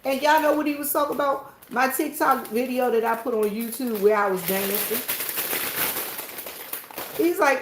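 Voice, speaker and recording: A woman's voice: high-pitched, animated, moderate pace, pauses often, echoey room, background noise. A Southern woman chatting to her viewers in a folksy, storytelling way, alone in an empty church. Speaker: church worker and vlogger. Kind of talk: casual chat to viewers.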